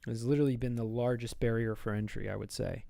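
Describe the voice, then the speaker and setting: A man's voice: mid-range voice, steady tone, quick pace, vocal fry, dark tone, no room sound. A man chatting casually on a live stream while he draws, rambling and playful as he thinks aloud.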